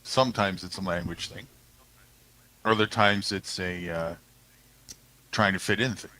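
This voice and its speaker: Low bright-toned man with dry asides. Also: steady tone, measured pace, low-quality recording. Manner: dry, brief interjections. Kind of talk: casual chat.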